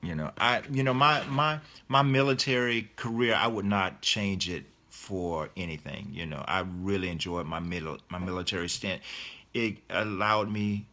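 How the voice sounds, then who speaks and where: Bright-voiced man answering reader questions. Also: lowish voice, expressive, normal speed. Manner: reads viewer comments aloud, then answers them chattily. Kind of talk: casual live Q&A.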